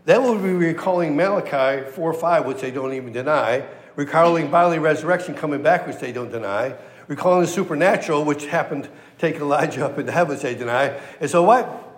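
A man's voice: a little high, brisk, reverberant, long reverb tail. A male preacher giving a conversational, emphatic verse-by-verse sermon. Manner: conversational and emphatic, acts out quotes. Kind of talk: sermon, verse-by-verse Bible teaching.

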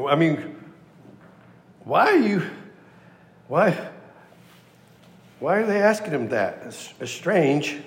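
A man's voice: a little high, very animated, slow, long pauses, roomy sound, long reverb tail. A male preacher giving a conversational, emphatic verse-by-verse sermon. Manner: conversational and emphatic, acts out quotes. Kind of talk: sermon, verse-by-verse Bible teaching.

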